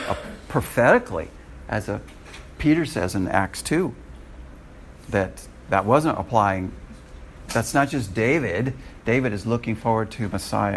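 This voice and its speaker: A man teaching a Bible class, joking with the room and jumping into higher voices when he quotes people. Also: a little hiss or hum. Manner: animated and joking, rises high when quoting people.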